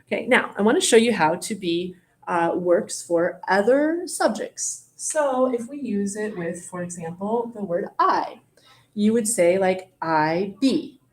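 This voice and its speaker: A woman teaching a French grammar lesson, patiently asking questions and playing at mock surprise. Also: medium pitch. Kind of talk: classroom teaching demonstration.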